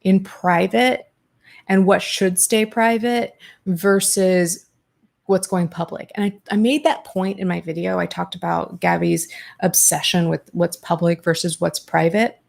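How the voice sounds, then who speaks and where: A young adult woman hosting a podcast, reading viewer comments and reacting in a candid, animated way, swearing freely. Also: on the low side, a little slow, creaky. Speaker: podcast host.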